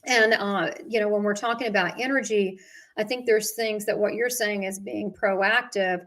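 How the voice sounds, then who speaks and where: A chatty woman talking in a relaxed conversational way, voice in an ordinary middle pitch. She often restarts her sentences and fills the gaps with "uh" and "you know" as she tells her stories. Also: moderate pace. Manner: chatty storyteller with frequent fillers and restarts. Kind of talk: casual conversation.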